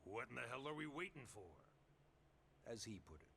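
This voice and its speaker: A man's voice: mid-range voice, animated, moderate pace, creaky, slight background noise. An actor playing a polite, persuasive male official in a video game who coaxes people into agreeing. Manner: polite, coaxing, quietly manipulative. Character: smooth-talking male official, persuasive and sly.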